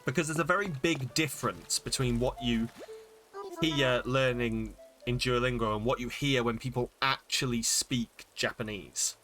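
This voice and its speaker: A man's voice: mid-range voice, moderate pace, bright, forceful tone, soft background music. A man streaming a game, chatting casually and thinking aloud as he sounds out Japanese words, with many fillers. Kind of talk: casual live-stream chat while reading Japanese.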